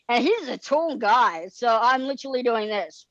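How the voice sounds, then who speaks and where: A male guest raised in Australia, telling stories in a casual interview, animated and giddy, acting out quoted lines. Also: very high-pitched, moderate pace, no room sound, lo-fi sound.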